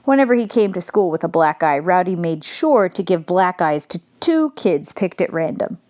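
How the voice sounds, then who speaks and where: A woman narrating an audiobook in the first person, with measured, reflective delivery. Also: fairly low pitch, animated, a little mellow.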